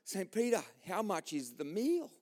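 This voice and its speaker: A man's voice: high-pitched, very animated, measured pace, a little mellow, in a large hall, heavily acted. A man voicing a fussy husband who has just arrived in heaven and stammers out questions. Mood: puzzled. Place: church.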